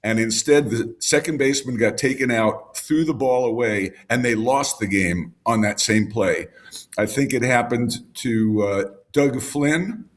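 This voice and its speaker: An older man swapping stories as a guest on a chat show, his voice husky and mid-pitched. He reminisces at an easy pace, stacking up names and details with the odd chuckle. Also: unhurried. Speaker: baseball radio broadcaster, guest. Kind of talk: casual storytelling in a podcast chat.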